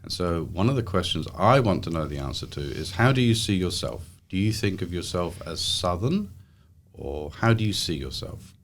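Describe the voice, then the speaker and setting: Gentle English man asking coaxing questions. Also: deep voice, animated, moderate pace. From England. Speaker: podcast host interviewing his daughter. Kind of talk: relaxed interview chat.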